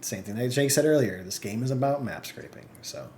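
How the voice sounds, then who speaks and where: A man's voice: mid-range voice, a little fast, darkish tone, a little hiss or hum. Joking man in casual podcast chat. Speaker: podcast co-host.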